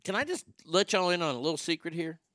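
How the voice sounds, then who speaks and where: A man's voice: a little high, expressive, quick pace, a bit bright, no room sound, studio quality. A man hosting a vlog, ranting in a crude, opinionated monologue and stammering over his words. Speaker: vlog host.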